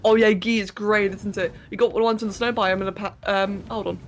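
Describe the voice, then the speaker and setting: A woman's voice: medium pitch, fairly even intonation, a little fast, slight background noise. A woman streaming a game live, chatting casually, thinking aloud and answering her chat as she plays.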